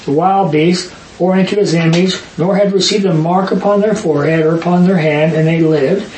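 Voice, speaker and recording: A man leading a Bible study, reading verses aloud and arguing his points emphatically with quick asides. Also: on the high side, steady tone, darkish tone. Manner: emphatic, rapid asides, reads scripture aloud. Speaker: Bible teacher. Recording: echoey room, distant mic, faint hiss.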